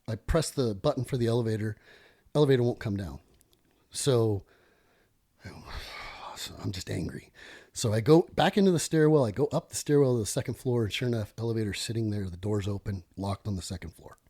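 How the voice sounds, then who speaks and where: A middle-aged man, a former police lieutenant, telling a story as a podcast guest in an animated, self-interrupting way. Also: medium pitch, moderate pace.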